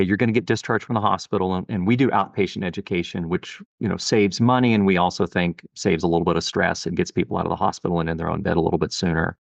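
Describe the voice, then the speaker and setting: A middle-aged man, a pediatric endocrinologist, speaks earnestly and reflectively in a podcast interview, often dropping in "you know." His voice is deep with vocal fry. The recording is dry and sounds dull.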